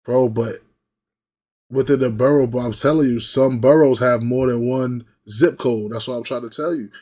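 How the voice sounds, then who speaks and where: A man's voice: mid-range voice, normal speed. A man, hosting a reaction video and chatting casually in slangy, repetitive talk. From New York. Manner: slangy, repetitive, animated when imitating others. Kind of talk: casual rambling chat.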